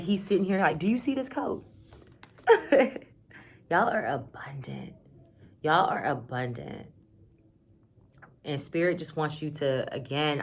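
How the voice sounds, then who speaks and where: A woman giving a casual tarot reading to camera, excited and chatty, full of slang and "like". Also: low-pitched. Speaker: tarot reader.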